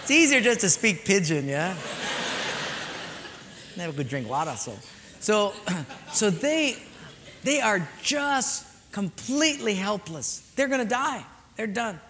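A man's voice: high-pitched, big pitch swings, takes it slowly, pauses often, background noise. A man preaching a sermon as a pastor, telling a story animatedly and acting out the dialogue. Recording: reverberant hall, faint ambience.

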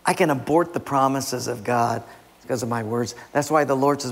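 Gravelly-voiced man preaching a sermon. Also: mid-range voice, fairly quick, in a large hall. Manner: animated, acts out stories.

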